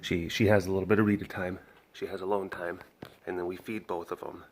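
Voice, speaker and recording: Low-voiced man rambling casually. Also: level tone, a little fast, a little hiss or hum. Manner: rambling, many restarts and fillers. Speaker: animal sanctuary caretaker. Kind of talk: casual vlog talk.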